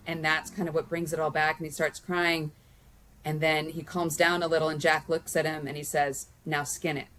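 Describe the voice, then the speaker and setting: Chatty woman with a low voice. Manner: rambling, many restarts and fillers, warm laughs. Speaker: guest, host's mother. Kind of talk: casual film review chat.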